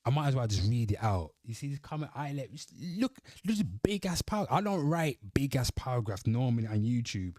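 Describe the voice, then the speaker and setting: A man's voice: medium pitch, very animated, fairly quick, hardly any pauses, a little mellow, dry recording, studio quality. A man giving blunt, profane reaction commentary as a host, reading his own comments aloud.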